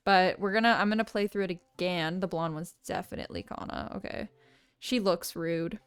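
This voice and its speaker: A woman's voice: on the low side, moderate pace, clear, resonant tone. A woman hosting a blind let's play, rambling casually as she comments. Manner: rambling, lots of "like" and restarts.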